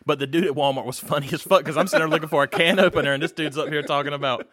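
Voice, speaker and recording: A man's voice: fairly high pitch, steady tone, rapid-fire, few pauses, fairly bright tone, no echo. A man, co-hosting a podcast and telling stories over drinks, laid-back and swearing freely, often laughing. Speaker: podcast co-host. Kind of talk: casual storytelling over drinks.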